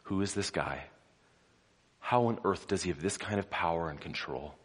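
A man gives a dramatic sermon that moves between loud, forceful moments and hushed ones, regularly addressing questions to the congregation. He has a low, breathy-edged voice at a moderate pace, heard through long hall reverb.

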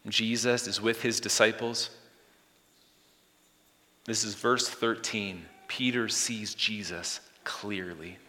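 A man preaching a sermon, swinging from loud exclamations to hushed whispers. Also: lowish voice, fairly even intonation, slow, long pauses. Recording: long hall reverb.

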